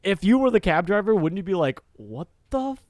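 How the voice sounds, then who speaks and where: A man's voice: high-pitched, big pitch swings, a little fast, darkish tone, no echo, clean studio sound. A man co-hosting a podcast in casual chat, recapping scenes with mock quotes and frequent laughter. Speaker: podcast co-host.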